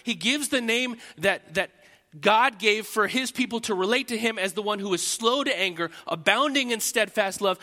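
A man, a pastor, preaching a sermon, swinging from loud emphatic lines to quiet, intimate asides. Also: very high-pitched. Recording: long reverb of a large hall.

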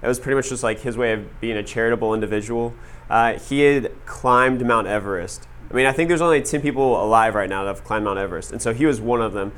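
A man telling a story to an audience in a casual, animated way, full of "like" fillers. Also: mid-range voice, fast talker. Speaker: speaker addressing an audience. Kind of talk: storytelling talk to a live audience.

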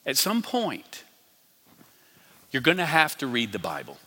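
Pastor preaching in an echoing hall. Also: male voice, medium pitch, huge pitch swings, a little slow, slightly rough. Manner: emphatic, swings between loud and hushed. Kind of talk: sermon. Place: large church hall. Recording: long hall reverb.

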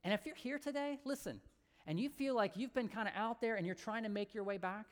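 A woman pastor giving a sermon as animated, conversational storytelling. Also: a little high, fairly quick.

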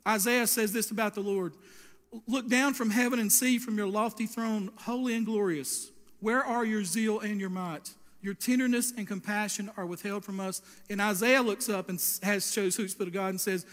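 A high-pitched man preaching with fervour in a church sanctuary, his voice trailing off into a long reverb from the hall around him. He often trips over and restarts his phrases. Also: normal speed, a bit bright. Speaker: pastor. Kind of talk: sermon.

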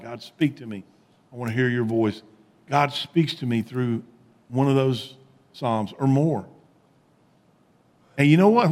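A man preaching a sermon as pastor, animated, with rising emphatic peaks and quiet low asides. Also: in a large hall.

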